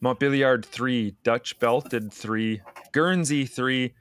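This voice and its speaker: A man co-hosting a casual farm podcast, introducing guests and reading out tallies in an even, steady way. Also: mid-range voice, measured pace, hardly any pauses, clear, resonant tone, no room sound, clean studio sound. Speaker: podcast co-host.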